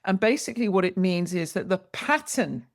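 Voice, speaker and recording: Brief: woman educator as podcast guest, somewhat low voice, lively storyteller. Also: a little fast. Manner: lively, expressive, acts out quoted lines. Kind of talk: animated storytelling in conversation.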